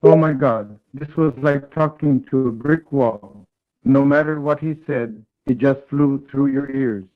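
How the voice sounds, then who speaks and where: A man reading a third-person story aloud in a flat, read-aloud way as a call partner. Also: mid-range voice, a little slow. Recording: tinny online call audio.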